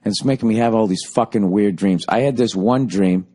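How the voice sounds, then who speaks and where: A man's voice: fairly low pitch, fairly quick, dark tone. A man in his forties with a Boston accent, hosting a podcast and swearing his way through an irritated story. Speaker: podcast host. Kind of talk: casual rambling monologue.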